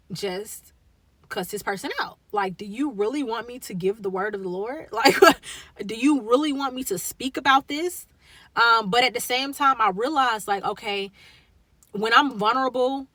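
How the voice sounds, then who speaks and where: A woman's voice: on the high side, pushed and bright, dry recording. A young woman speaking earnestly and emotionally as a faith content creator, encouraging viewers in a casual, heartfelt vlog. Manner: earnest, encouraging, conversational with slang.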